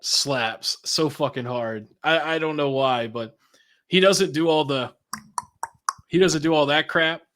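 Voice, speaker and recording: A man's voice: fairly high pitch, measured pace, fairly bright tone. A man who is a podcast guest, talking in a laid-back, chatty way with casual swearing. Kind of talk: casual interview chat.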